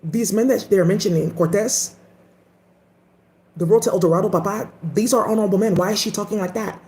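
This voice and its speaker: A woman's voice: mid-range voice, fairly even intonation, brisk, darkish tone, reverberant, close to an everyday voice. A woman voicing a worried young man who pleads with his father, anxious and earnest. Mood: pleading.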